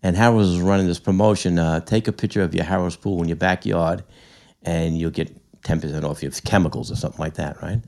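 An older man, a veteran guest, telling stories in a halting, rambling way, his voice cracking a little. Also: low voice, fairly even intonation, vocal fry, a little mellow. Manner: rambling, halting storyteller with many restarts. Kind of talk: conversational interview.

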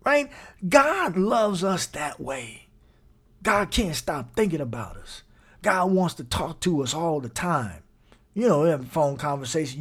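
A man's voice: fairly high pitch, very animated, moderate pace. A man preaching a podcast sermon while seated, emphatic and repeating his phrases, chuckling often. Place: seated indoors.

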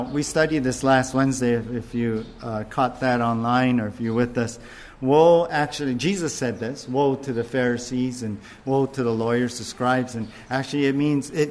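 A man preaching a sermon in a casual, conversational way, slowing down to stress key points. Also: mid-range voice. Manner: conversational preaching with fillers and restarts, slowing for emphasis. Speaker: pastor.

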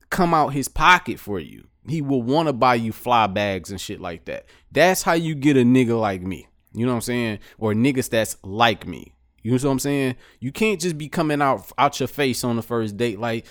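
A man's voice: medium pitch, very animated, normal speed. A middle-aged man co-hosting a casual podcast chat, ranting bluntly with lots of profanity.

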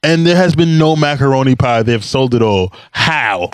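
A man's voice: medium pitch, lively intonation, normal speed, clear, resonant tone, no echo, studio quality. A man co-hosting a podcast in casual chat, teasing and incredulous. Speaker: podcast co-host.

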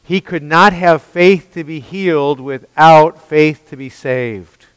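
A man's voice: on the high side, takes it slowly, clean tone, dry recording, big-room sound, low-quality recording. A man preaching an expository sermon, emphatic and pressing his listeners with rhetorical questions. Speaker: pastor.

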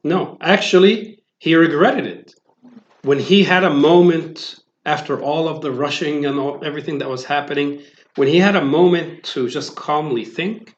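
A man's voice: a little high, normal speed. A man giving a sermon, talking in a conversational way with many fillers and restarts. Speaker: preacher. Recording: roomy, dull lo-fi sound.

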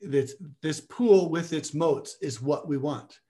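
A man's voice: on the high side, slow pace, warm tone. Man teaching with frequent restarts. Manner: searching, restarts phrases often. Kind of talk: lecture with Q&A.

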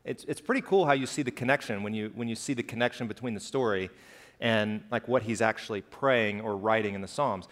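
A man's voice: fairly low pitch, brisk. A man preaching a sermon in a church, talking casually and rising into impassioned outbursts. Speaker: pastor. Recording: hall reverb.

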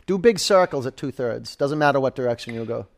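A man's voice: medium pitch, expressive, a little fast, gravelly. A man in his forties teaching a live yoga class, giving cues and counts with chatty, joking asides. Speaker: yoga instructor.

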